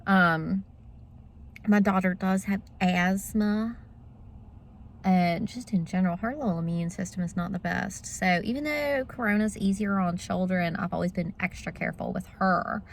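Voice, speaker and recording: A woman's voice: mid-range voice, normal speed, creaky, a little hiss or hum. A woman, chatting casually to her viewers in a vlog. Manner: chatty, talks straight to viewers. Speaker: vlogger.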